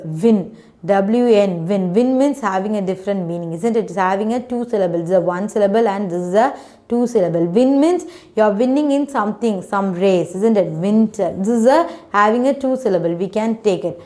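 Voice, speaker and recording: A woman's voice: mid-range voice, a little mellow. A woman teacher, patiently sounding out words and syllables for children in an online phonics class. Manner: patient, repetitive teacher talk, sounding out letters, frequent "okay".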